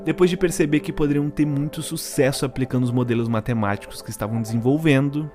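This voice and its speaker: A man's voice: mid-range voice, racing, over music. A man reading scripted documentary narration, telling the story with dry ironic touches.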